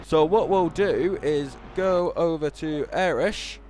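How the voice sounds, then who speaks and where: A man's voice: a little high, slow pace, a little mellow, slight background noise. A young man with a northern English accent giving casual, rambling commentary on a sim racing series, with self-deprecating asides. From northern England. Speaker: race commentator.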